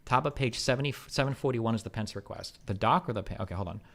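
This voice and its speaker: Male streamer reading a document aloud quickly, mid-pitched, dropping in doubtful side comments. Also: creaky. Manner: brisk reading with skeptical asides.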